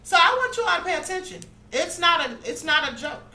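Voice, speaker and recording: A woman's voice: very high-pitched, big pitch swings, brisk, sharp tone. A woman hosting a spirituality channel, earnestly telling her own story to viewers and often checking in with them. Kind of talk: personal spiritual testimony to viewers. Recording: echoey room.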